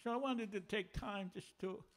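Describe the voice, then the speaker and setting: A man's voice: high voice, normal speed. A man serving as pastor who leads prayer during a sermon, earnest and prayerful.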